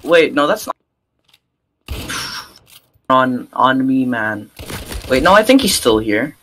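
A man chatting excitedly with friends while playing an online shooter, yelping and laughing under fire. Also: mid-range voice, takes it slowly, long pauses, a little hiss or hum. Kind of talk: casual gameplay chat.

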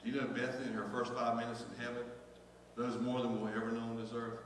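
A man's voice: medium pitch, flat delivery, fast talker, slight background noise. A middle-aged man preaching a sermon as pastor, emotional, repeating phrases and calling out to his congregation. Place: church sanctuary. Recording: echoey church hall from far off.

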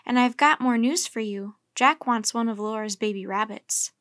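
A woman's voice: a little high, moderate pace, fairly bright tone, no echo, lightly acted. A woman reading aloud voices Mandy, a cheerful, helpful girl, close to her own voice.

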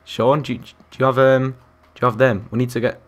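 Young guy live streaming a game, chatty, counts blocks out loud, talks to chat. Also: medium pitch, little pitch movement, a little fast. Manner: chatty, counts aloud, reacts to chat and other players. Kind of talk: live gameplay commentary.

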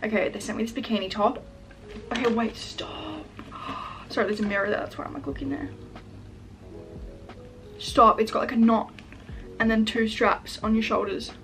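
A woman's voice: on the high side, normal speed, long pauses. Gushing young woman unboxing over music. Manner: gushing, excitable, full of fillers like "like". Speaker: vlogger. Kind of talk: casual unboxing chat. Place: room at home. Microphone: camera set up in front of her.

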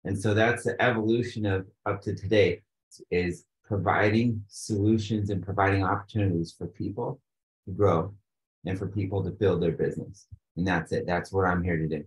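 A man's voice: sits low, steady tone, normal speed, reverberant, low-quality recording. A man being interviewed about an event he organized, talking in an earnest, enthusiastic, motivational way. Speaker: interview guest, retreat organizer. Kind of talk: casual interview.

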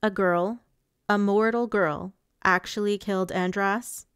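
A woman reading an audiobook voices a sharp-tongued male fae courtier who demands answers in a biting tone. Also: on the low side, slow pace, no room sound, clean studio sound.

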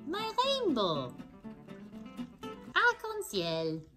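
A bright, friendly furry puppet, played by a woman, teaches little ones in a children's puppet show. Her voice leaps up and down in a big sing-song as she stretches each word out very slowly so the kids can copy it. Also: high voice, huge pitch swings, faint music behind, exaggerated voice. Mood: encouraging. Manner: slow, exaggerated, sing-song repeating for kids. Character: cheerful blue-haired furry puppet teacher.

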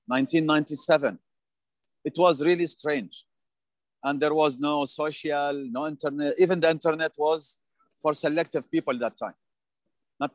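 A man's voice: a little high, no room sound. A man confidently telling his business story in slightly non-native phrasing. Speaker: team member giving a testimony. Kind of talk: testimonial speech.

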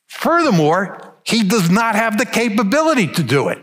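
A man's voice: high voice, big pitch swings, moderate pace, hardly any pauses, fairly bright tone. Emphatic older man lecturing. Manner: emphatic, argumentative. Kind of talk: public lecture.

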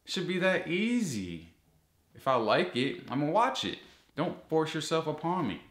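A man vlogging, ranting about ads with heavy swearing, his voice jumping up high when he gets exasperated. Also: very animated, unhurried, fairly bright tone, roomy sound. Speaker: YouTuber. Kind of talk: casual ranting vlog.

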